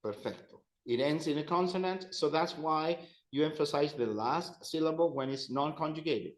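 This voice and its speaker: Male teacher with a slightly high voice who drills phrases slowly and patiently, recorded in an echoey classroom. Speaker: Spanish teacher.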